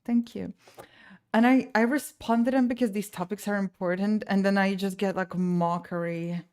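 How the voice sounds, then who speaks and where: A woman's voice: medium pitch, steady tone, moderate pace, a little mellow. A woman streamer and painter chatting casually and venting with frustration, full of restarts and trailing thoughts. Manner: rambling and exasperated, many restarts. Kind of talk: casual live-stream chat.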